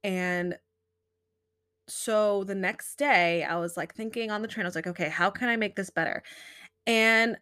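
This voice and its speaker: A woman's voice: mid-range voice, a little slow, bright, forceful tone. A young adult woman hosting a podcast, giving earnest, chatty self-help talk full of "you know" and "right". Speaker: podcast host.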